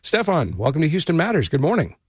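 A man hosting a radio talk show, reading a measured introduction and then asking conversational questions. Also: on the high side, huge pitch swings, husky, no echo, studio quality. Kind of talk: radio interview.

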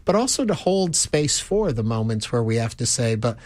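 A man's voice: mid-range voice, sing-song, normal speed, dry recording. An earnest male talk-show host with a mid-range voice, thinking aloud in long, winding points. He speaks steadily and reflectively, pressing a serious argument. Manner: earnest, musing, builds long run-on points.

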